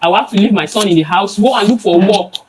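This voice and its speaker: A young woman with a Nigerian accent testifies before a judge, her words tumbling out fast. She stumbles, restarts and repeats herself as she gives her emotional account, her voice pitched in a middle range. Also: a little mellow, slight background noise, poor audio.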